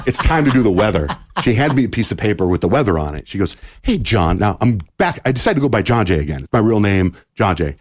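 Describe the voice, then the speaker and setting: In a clean studio recording with no room sound, a middle-aged American man who hosts radio talks fast in a lowish voice. He tells a lengthy story casually during a podcast interview, animatedly acting out the characters and what they said.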